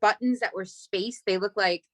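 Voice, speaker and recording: A young adult woman guest telling a wild story in casual podcast chat, animated and swearing freely, jumping up high and loud when she quotes people. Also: moderate pace, no echo. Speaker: guest, comedy writer.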